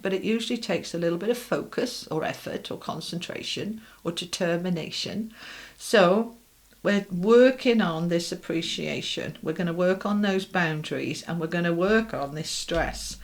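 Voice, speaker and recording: A woman's voice: fairly low pitch, normal speed. A middle-aged woman giving a tarot reading. She is direct and reassuring, asks rhetorical questions and keeps checking in with "okay?" and "all right?". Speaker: tarot reader. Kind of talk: tarot card reading to camera.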